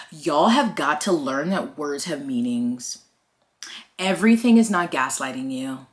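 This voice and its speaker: Exasperated ranting woman vlogger. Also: fairly low pitch. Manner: exasperated, swearing, animated ranting. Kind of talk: casual ranting vlog.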